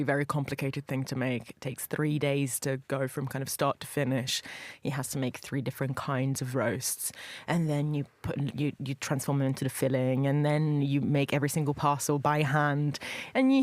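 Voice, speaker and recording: A woman from Italy who hosts a food podcast, talking in a lively, laughing way in a radio studio. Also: extremely low pitch, normal speed, no room sound.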